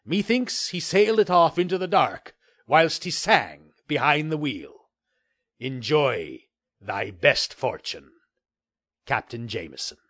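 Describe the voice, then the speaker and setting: A man's voice: on the high side, sing-song, slow, a bit bright, no echo, clean studio sound, full character voice. A man reading a pirate captain's letter in grand, archaic, flowery language. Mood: grandiose. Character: swaggering, old-fashioned male pirate captain.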